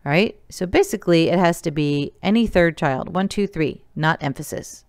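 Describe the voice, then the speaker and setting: A woman's voice: fairly low pitch, moderate pace, dry recording, clean studio sound. A woman teacher giving a recorded remote lesson, explaining each step patiently and counting elements aloud.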